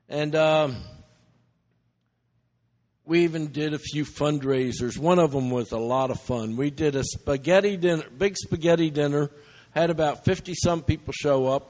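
Middle-aged male preacher, earnest and emotional, slightly high voice, long church reverb. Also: a little mellow. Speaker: missionary preacher. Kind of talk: sermon storytelling.

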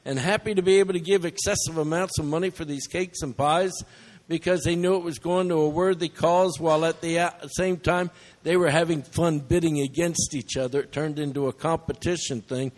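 Middle-aged male preacher, earnest and emotional, slightly high voice, long church reverb. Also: fairly even intonation, brisk. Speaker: missionary preacher. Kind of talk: sermon storytelling.

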